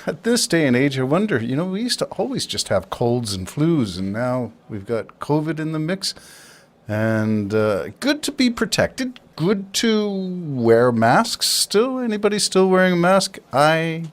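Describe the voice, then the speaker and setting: A man's voice: fairly high pitch, big pitch swings, unhurried. A man hosting a podcast alone, musing and rambling through his thoughts and asking himself questions along the way. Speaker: podcast host. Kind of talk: casual solo talk.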